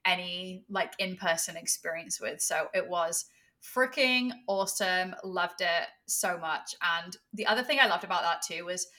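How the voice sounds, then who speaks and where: A woman's voice: fairly low pitch, moderate pace, bright, forceful tone. A woman, a sex coach, hosting a podcast in casual chat, effusive and enthusiastic.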